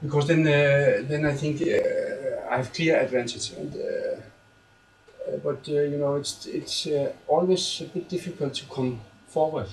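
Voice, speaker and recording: A man's voice: fairly high pitch, a little slow, slight background noise, low-quality recording. A man chatting casually about a chess game he played, hesitant, with many fillers. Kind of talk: casual post-game chat.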